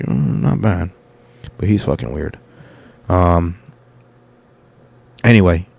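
Low-voiced man rambling through a story. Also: warm tone, no room sound. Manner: rambling, profane, quotes people in his stories. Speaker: podcast host and stand-up comic. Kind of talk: casual storytelling monologue.

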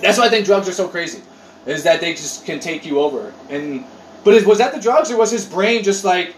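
A man chatting casually on a podcast. He tells rambling stories with lots of swearing and animated outbursts. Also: high-pitched, brisk. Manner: animated, profane, rambling storyteller. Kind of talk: casual chat. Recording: roomy echo, distant mic, faint noise.

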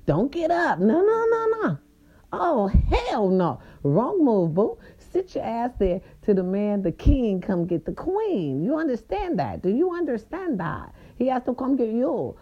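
A woman hosting a podcast, telling a story in a casual, sassy way and swooping her voice up high for emphasis. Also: dull audio. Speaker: podcast host.

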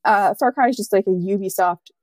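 A woman's voice: mid-range voice, a little fast, darkish tone, dry recording. A young adult woman co-hosting a casual gaming podcast, telling stories in a chatty, laughing way. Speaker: podcast co-host. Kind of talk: casual chat.

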